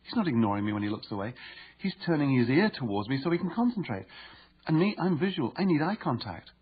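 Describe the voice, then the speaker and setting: A man's voice: medium pitch, sing-song, fast, breathy edge, lo-fi sound, pitched above the performer's own voice. A man voicing a big, tough father who is emotional and choking up while he speaks earnestly. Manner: choked up, earnest.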